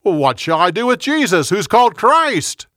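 A man voicing a weary Roman governor in a Bible story reading, speaking in a measured, questioning way. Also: sits high, big pitch swings, sharp tone, dry recording, studio quality, pitched above the performer's own voice, full character voice. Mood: pleading.

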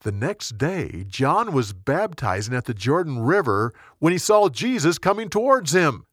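A male storyteller reads a Bible story with dramatic, expressive delivery. His voice rises and falls widely at an unhurried pace, in a close, dry recording. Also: on the high side, slightly rough, dry recording. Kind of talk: scripted Bible story narration.

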